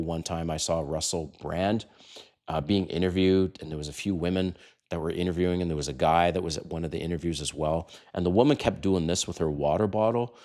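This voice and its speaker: An older man coaching other men on dating, blunt and direct, full of rhetorical questions. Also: sits low. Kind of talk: direct-to-camera advice talk.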